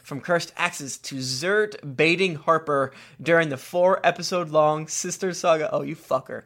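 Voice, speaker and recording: A man's voice: a little high, unhurried, fairly bright tone. A man co-hosting a podcast, reading listener reviews aloud with jokey asides and stumbles. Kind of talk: casual chat.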